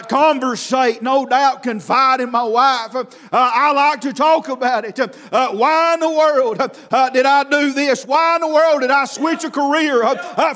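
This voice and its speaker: Fervent high-voiced preacher man. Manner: fervent, often shouting, with constant "uh, uh" between phrases. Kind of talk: sermon.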